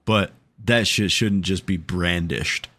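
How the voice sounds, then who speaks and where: A man's voice: low-pitched, takes it slowly, a bit bright. A man co-hosting a podcast, chatting casually with heavy swearing and frequent laughter. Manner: profane, laughs often. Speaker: podcast co-host.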